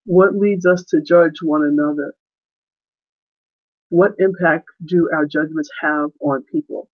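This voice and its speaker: A woman's voice: sits low, fairly even intonation, measured pace, dull audio. A woman in a casual discussion over a video call, reflective and given to laughing stories.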